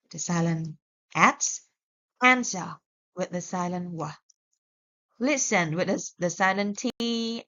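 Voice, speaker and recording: A woman with a mid-range voice teaches English pronunciation at an unhurried, careful pace. She often stops to correct herself. The recording sounds a little dull and lo-fi. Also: mid-range voice, pushed and bright. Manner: slow and deliberate, with self-corrections. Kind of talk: recorded lesson.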